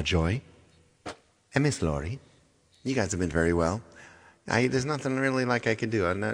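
A man hosting his livestream show, chatting casually with viewers in a rambling way and repeating himself, in a reverberant room. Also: lowish voice. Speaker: livestream singer and host.

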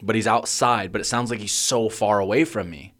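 A young man co-hosting a podcast, casually telling a story, swearing freely and getting loud and worked up as he relives a panic. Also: lowish voice, fairly quick. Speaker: podcast co-host.

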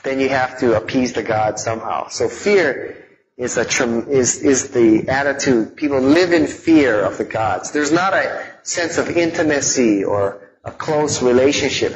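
Man, lecturer, mid-pitched, conversational, fillers, dull lo-fi recording. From Hawaii. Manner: conversational, fillers and personal stories. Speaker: teacher. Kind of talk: lecture to a live audience.

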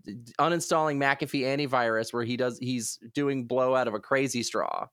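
A woman's voice: rumbling low, animated, a little fast. A woman co-hosting a podcast, chatting casually with wry, laid-back quips. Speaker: podcast co-host. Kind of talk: casual chat.

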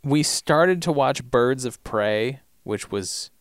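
A man co-hosting a podcast in easygoing casual chat, often trailing off softly at the ends of sentences. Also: mid-range voice, animated, slow pace, smooth, dry recording, clean studio sound. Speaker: podcast co-host.

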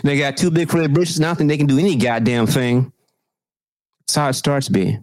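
A man co-hosting a casual podcast chat, telling stories in a profane, animated way. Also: fairly high pitch, moderate pace, no room sound. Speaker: podcast co-host.

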